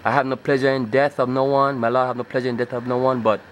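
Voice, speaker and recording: Talking fast in a medium-pitched voice with little pitch movement, a video blogger delivers an insistent preaching monologue to his audience, often asking "okay?" Sometimes he breaks into rising, scripture-like declamation. A little hiss or hum sits in the background.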